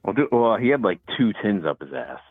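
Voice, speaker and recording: A man, his voice very deep and thin like a tinny phone line. He tells stories in an easygoing way, padded with fillers. The sound is dry and close. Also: very animated, brisk, slightly rough, no room sound, faint music behind. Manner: laid-back storytelling with filler words. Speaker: caller. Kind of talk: casual phone call.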